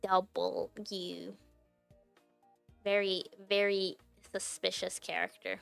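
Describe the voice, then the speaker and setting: Giggly, chatty young woman with gravelly fry. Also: mid-range voice, measured pace, fairly bright tone, dry recording, soft background music. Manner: chatty and giggly, heavy use of "like" fillers. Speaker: livestreamer. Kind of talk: casual stream chat to viewers.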